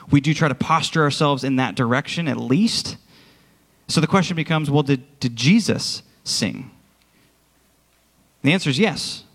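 Preaching in a church sanctuary, this worship pastor has a medium-pitched voice trailed by long reverb. He speaks to his congregation in an earnest, direct manner.

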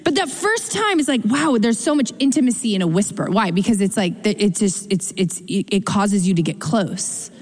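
Woman pastor preaching in a reverberant hall. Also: mid-range voice. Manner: expressive, shifts between slow emphatic phrasing and quick asides. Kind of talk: sermon.

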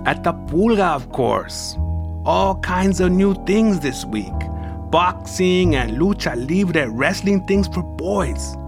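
Man reading a firm, coaxing father, slow and deliberate, over music. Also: sits high, sing-song, vocal fry, pitched above the performer's own voice, heavily acted. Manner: firm, coaxing, sprinkled with Spanish words. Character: stern, pushy father of a young son. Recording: music playing behind the voice.

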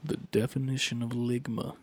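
A young man co-hosting a casual gaming podcast, joking in a slangy manner and dropping into quiet asides. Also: medium pitch, flat delivery, normal speed. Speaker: podcast co-host. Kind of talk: casual chat.

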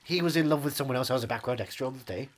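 Deadpan male podcaster who talks fast and spins absurd tangents. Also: mid-range voice, slight background noise. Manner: deadpan, rambling absurd jokes. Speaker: podcast co-host. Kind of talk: casual comedic chat.

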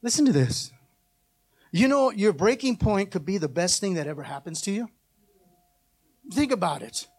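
A man preaching a sermon as pastor, with call-and-response and passages that climb into shouted, half-sung pleas. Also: high-pitched, expressive, moderate pace, pauses often, slightly rough.

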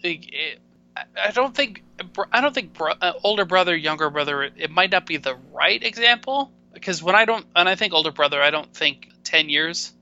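Bright-voiced rambling man, muffled mic. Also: sits high, lively intonation, brisk. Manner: rambling, loses words, self-deprecating. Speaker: podcast co-host. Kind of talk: casual hockey chat. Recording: dull, muffled mic sound.

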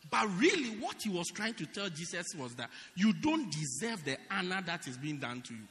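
A man preaching a sermon, animated and joking with the congregation. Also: sits high, moderate pace. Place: church hall. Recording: reverberant church hall.

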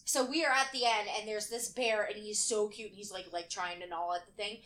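A woman casually telling animated stories in a chat, laughing often and swearing freely. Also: mid-range voice, brisk.

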